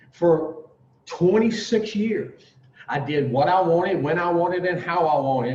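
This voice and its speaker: A man with a drawl tells a story to a recovery group in a loose, salty, folksy way, slipping into voices for the people in it. His voice sits a little high, and he sounds set back from the mic in an echoey room. The recording is dull and muffled. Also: darkish tone. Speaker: addiction recovery speaker. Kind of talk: casual storytelling talk. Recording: roomy dull recording from far off.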